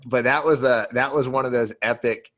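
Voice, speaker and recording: A man on a podcast telling a fishing story in a casual, animated way, now and then acting out quotes. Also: normal speed. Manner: animated storyteller, acts out quotes in a high yelling voice. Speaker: podcast host and pro angler.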